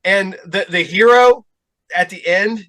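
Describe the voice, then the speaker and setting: A man who owns a game shop, chatting as a podcast guest and telling stories in an animated way, swearing freely. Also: high voice, a little slow. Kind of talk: casual podcast chat.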